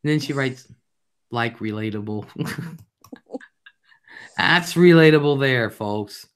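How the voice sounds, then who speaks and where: A woman hosting a casual live chat, telling brash, loud stories with lots of laughing. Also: rumbling low, expressive, slow. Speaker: livestream host.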